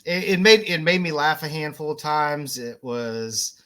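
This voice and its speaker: A man co-hosting a casual chat, measured and repeating words as he weighs his views. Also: a little high, fairly even intonation, bright, forceful tone. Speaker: co-host.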